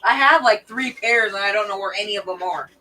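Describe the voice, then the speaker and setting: A woman co-hosting a casual stream, giving offhand, drawn-out replies. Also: medium pitch, sharp tone, distant mic, low-quality recording. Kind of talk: casual chat.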